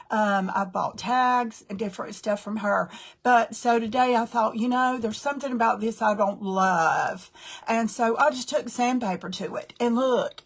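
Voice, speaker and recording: A woman hosting a casual live stream about her crafts, chatting while she works, greeting viewers by name and pausing often with fillers. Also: mid-range voice.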